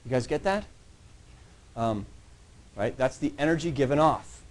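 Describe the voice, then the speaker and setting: A man's voice: medium pitch, expressive, unhurried. A man teaching a college science class in a conversational lecture style, often checking in with the students as he goes. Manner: checks in constantly with "yeah?" and "right?". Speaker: college microbiology instructor.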